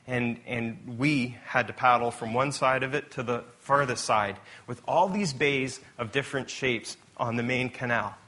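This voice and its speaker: Bright-voiced man preaching conversationally. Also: medium pitch, a little slow, hardly any pauses. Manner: conversational storyteller, self-correcting with restarts. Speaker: pastor. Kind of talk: sermon.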